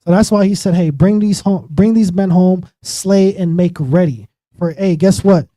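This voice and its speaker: A man teaching a Bible study in a casual, animated way, acting out the biblical figures in everyday slang. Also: sits high, normal speed, no room sound, low-quality recording. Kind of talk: sermon-style Bible teaching.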